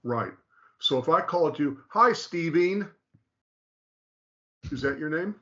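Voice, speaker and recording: A man's voice: a little high, brisk, a bit bright. Emphatic man explaining, lo-fi sound. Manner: emphatic, repetitive, checks in with "okay?". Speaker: teacher explaining Hebrew. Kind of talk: conversational teaching.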